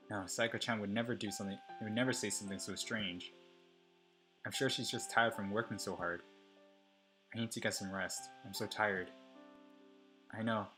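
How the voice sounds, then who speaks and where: Guy reading as a worried schoolgirl heroine, lowish bright voice, faint music under it. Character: anxious, kind schoolgirl narrating her worries.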